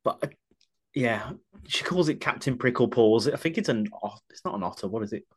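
A man's voice: medium pitch, animated, fairly quick, breathy edge. A man co-hosting a podcast in casual chat, telling wry, chatty stories. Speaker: podcast co-host.

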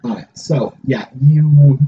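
A man running a tabletop game as game master, calm and matter-of-fact about the rules. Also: mid-range voice, slow pace, muffled recording.

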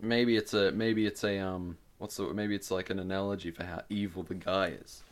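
A man's voice: sits low, fairly even intonation, moderate pace. A man co-hosting a casual podcast chat, loose and joking, swearing now and then. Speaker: podcast co-host.

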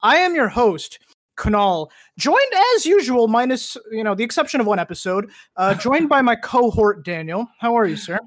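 A man's voice: very high-pitched, expressive, normal speed. A young man hosting a casual podcast over a voice chat call, teasing his friends with mock annoyance and frequent laughter. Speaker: podcast host. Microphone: joining over a voice chat call.

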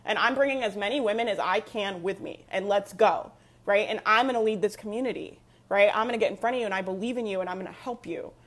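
A woman's voice: mid-range voice, fast. A young adult woman coaching an online community on a live stream, talking emphatically and repeating herself with frequent laughs. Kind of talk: live stream pep talk.

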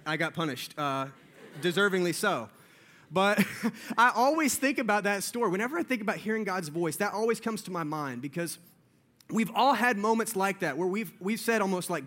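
A youthful preacher, high and bright in tone, delivers a sermon built around his own story, talking fairly quickly to the congregation. He narrates with animation, lowering his voice to a hushed murmur as the suspense grows.

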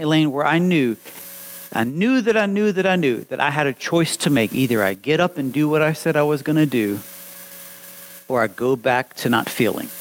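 A man preaching a sermon, telling his own testimony with animated storytelling that swings from hushed lines to loud ones. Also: a little high, poor audio. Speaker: pastor.

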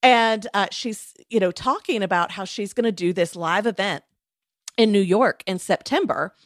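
A woman's voice: medium pitch, moderate pace, dry recording, studio quality. Chatty woman telling her story. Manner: chatty, animated, lots of fillers and quoted asides. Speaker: guest, former lawyer turned coach. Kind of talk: casual interview storytelling.

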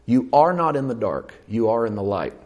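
Preaching at a moderate pace in a medium-pitched voice, a man gives an animated sermon that swings from loud and urgent to hushed. He acts out the voices in his quotations and puts questions to the congregation.

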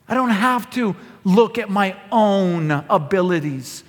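Man, pastor, sermon, high voice, impassioned, reverberant church hall. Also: expressive, takes it slowly, few pauses. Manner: impassioned preaching, rising loud on scripture. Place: church sanctuary. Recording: long reverb of a sanctuary.

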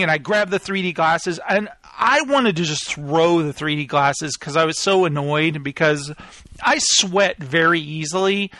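A man in his thirties hosting a live podcast, telling a story in a casual, animated way and acting out both sides of the conversations. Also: fairly high pitch, dry recording. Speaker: podcast host.

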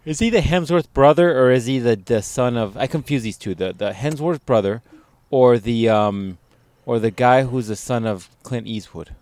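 A man's voice: mid-range voice, moderate pace, a little mellow, no room sound. A man co-hosting a crude podcast from a parked car at night, laid-back and teasing, with a lot of swearing. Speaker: podcast co-host. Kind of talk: crude casual chat.

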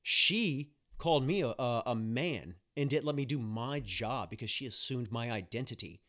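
A man's voice: medium pitch, normal speed, pushed and bright. A young man, a nurse hosting a podcast, talking in a blunt, profane, ranting monologue with mocking asides. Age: young adult.

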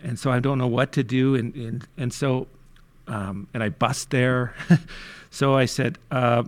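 A man from Canada tells his story in a candid interview at a middle pitch. He swings between quiet, low asides and sudden emphatic bursts, often restarting his sentences. The sound is dry and close. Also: steady tone, measured pace, dry recording. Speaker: youth worker telling his story.

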